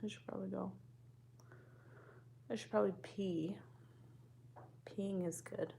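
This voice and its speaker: A woman's voice: medium pitch, fairly even intonation, measured pace, vocal fry, mellow, a little hiss or hum. A woman vlogger in casual chat to the camera, laid-back, sighing often and swearing offhandedly.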